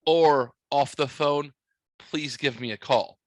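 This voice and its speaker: A man's voice: a little high, slow pace, dry recording, poor audio. A young man hosting a podcast, telling a story in a joking, profane, smart-aleck way. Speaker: podcast host. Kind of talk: casual storytelling.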